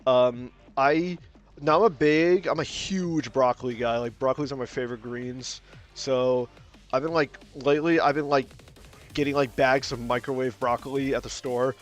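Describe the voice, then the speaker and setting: A man's voice: mid-range voice, moderate pace. Rambling, profane young man streamer. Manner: rambling, profane, lots of filler and restarts; gets loud and animated when ranting. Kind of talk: casual stream chat while drawing. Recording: faint music behind.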